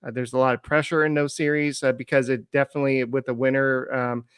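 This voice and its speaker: Smooth-voiced relaxed male podcast co-host. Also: mid-range voice, no room sound, clean studio sound. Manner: relaxed, frequent ums and uhs, slows while thinking. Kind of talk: casual sports podcast chat.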